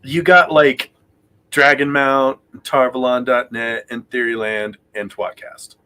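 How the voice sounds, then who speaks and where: A man's voice: mid-range voice, little pitch movement, takes it slowly, sharp tone, clear, resonant tone. A man guesting on a podcast, chatting casually and swearing freely. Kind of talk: casual chat.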